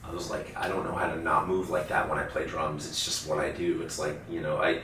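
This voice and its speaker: Low-voiced man rambling in an echoey room. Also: flat delivery, a little fast, a bit bright, far from the mic, slight background noise. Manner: rambling, heavy use of "like", swears casually. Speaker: interview guest, drummer. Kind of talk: casual storytelling in an interview.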